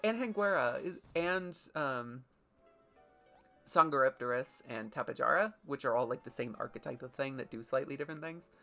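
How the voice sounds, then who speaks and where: A woman with a notably low speaking voice rambles through live gameplay commentary, loose and self-deprecating, with casual swearing. Soft music sits faintly underneath her. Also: lively intonation, moderate pace, creaky. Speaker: let's play streamer.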